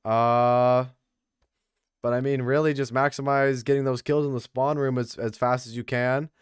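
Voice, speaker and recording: A tournament caster, this young man speaks at normal speed in a clear, resonant, medium-pitched voice while casually commentating a game tournament on stream. He's lively and chatty, talking with viewers in the chat. Studio-quality audio, no room sound.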